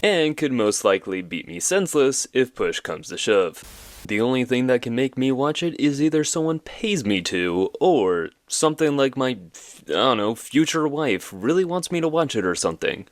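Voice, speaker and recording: A man's voice: medium pitch, big pitch swings, normal speed, dry recording, clean studio sound. A man in his twenties hosting an animation channel, giving joking, self-deprecating comedic commentary.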